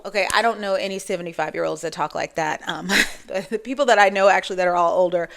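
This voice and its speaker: A woman's voice: on the low side, quick pace, creaky, fairly bright tone. A woman in her forties talking casually to camera in a chatty, rambling monologue with frequent asides. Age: 40s. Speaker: vlogger.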